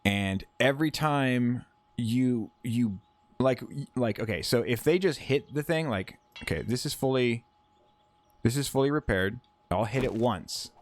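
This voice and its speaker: A man's voice: medium pitch, expressive, measured pace, dry recording. A man livestreaming a survival game, rambling through his plans with fillers and restarts, greeting and teasing chat and swearing casually. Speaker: livestreaming gamer. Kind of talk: casual live game commentary.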